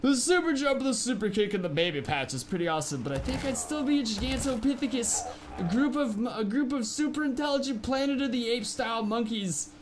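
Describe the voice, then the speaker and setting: Excitable high-voiced young man gaming. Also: a little fast, a little hiss or hum. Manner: excitable, goofy, rambling, breaks into loud outbursts. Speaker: gaming YouTuber. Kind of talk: game commentary. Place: home gaming setup. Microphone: studio microphone.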